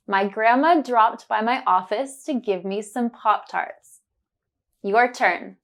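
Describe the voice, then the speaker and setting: Slow, deliberate woman teaching pronunciation. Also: mid-range voice, a bit bright. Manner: drawn-out, deliberate word drills with upbeat praise. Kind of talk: slow, clear pronunciation lesson.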